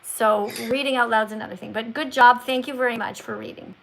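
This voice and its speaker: A woman hosting a livestream, coaching a caller in a teacherly way and slowing down to stress words. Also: on the high side, steady tone, gravelly, a bit bright, a little hiss or hum, low-quality recording. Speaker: livestream host.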